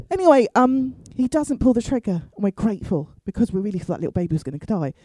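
A woman comedian tells a story with a lot of animation, her high voice leaping up and down in pitch. Her tone stays mellow rather than bright, and the sound is close and dry. She swears freely and drops wry asides as she goes. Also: sing-song, fast, hardly any pauses, no echo, low-quality recording. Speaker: stand-up comedian. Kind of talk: comic storytelling.

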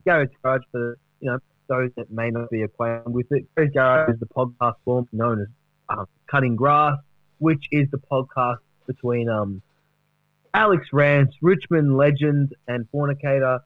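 A man's voice: medium pitch, moderate pace, no room sound, narrow, tinny audio. A man hosting a comedy podcast, rambling and swearing casually. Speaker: podcast host.

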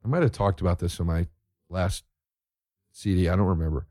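A man's voice: low voice, a little fast, a little mellow, no room sound, clean studio sound. A man, a comedian, ranting with profanity, sarcasm and a stream of rhetorical questions.

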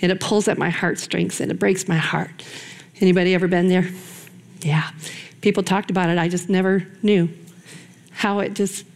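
A middle-aged woman preaching a sermon to a women's ministry group, earnest and personal, with dramatic pauses and a lively delivery. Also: lowish voice, creaky.

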